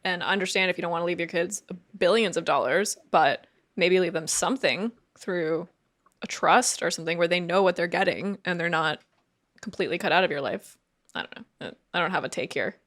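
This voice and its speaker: A woman's voice: fairly low pitch, brisk, fairly bright tone. A woman co-hosting a casual podcast chat, upbeat and chatty, explaining with lots of fillers. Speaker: podcast co-host.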